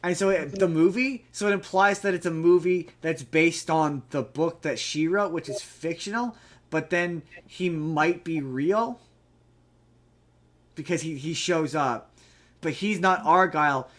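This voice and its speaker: A man's voice: high voice, measured pace, a bit bright. A man co-hosting a podcast in casual chat, giving a rambling, profane recap of a movie plot. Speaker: podcast co-host.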